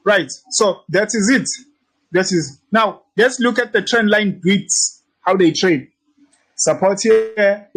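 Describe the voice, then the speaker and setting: Brash high-voiced male trading instructor. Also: a little slow, husky, poor audio. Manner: brash, teasing, repetitive, swears freely. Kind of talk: casual screen-share tutorial.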